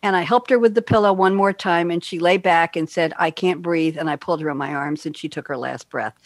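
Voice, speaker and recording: A woman's voice: lowish voice, quick pace, dry recording. An older woman hosting an interview, telling long stories in a chatty way and acting out the voices she quotes. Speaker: host. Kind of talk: casual interview chat.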